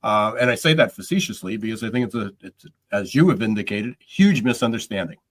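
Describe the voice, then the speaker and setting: A man hosting a podcast interview, talking in a rambling, halting way with many restarts. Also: on the low side, lively intonation. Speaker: podcast host.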